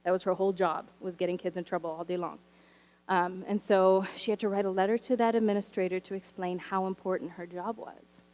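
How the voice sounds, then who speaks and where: A woman teacher telling stories from her classroom in a church sermon, animated and wry, with humorous asides. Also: lowish voice, fairly quick, low-quality recording. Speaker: teacher sharing a story from the pulpit. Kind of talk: storytelling sermon. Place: church sanctuary.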